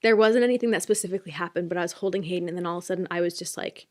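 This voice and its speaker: A woman's voice: lowish voice, very fast. A woman in her twenties, a podcast co-host, chatting casually and emotionally with many fillers. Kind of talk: casual chat.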